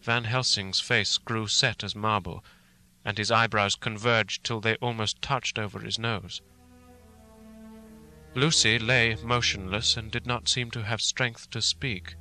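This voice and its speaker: A man narrating a classic novel as an audiobook in a steady, dramatic storytelling manner. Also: on the low side, rough recording. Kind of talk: scripted narration. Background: faint film music.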